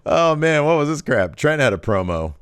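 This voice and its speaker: A young man co-hosting a wrestling podcast in casual chat, animated and laughing often as he acts out moments from the show. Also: on the high side, normal speed, smooth, no echo, studio quality. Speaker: podcast co-host.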